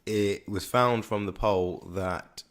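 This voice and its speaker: Young brummie guy with a really low voice, chatting on a podcast, keeps tripping over his words. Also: steady tone, takes it slowly, a bit bright. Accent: Birmingham. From Birmingham, England. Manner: rambling, stumbles and restarts often. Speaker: podcast co-host. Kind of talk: casual chat.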